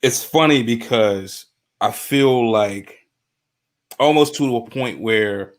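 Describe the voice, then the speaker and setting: A man from the US East Coast, chatting as a roundtable guest, halting and searching for words with many fillers. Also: mid-range voice. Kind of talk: casual chat.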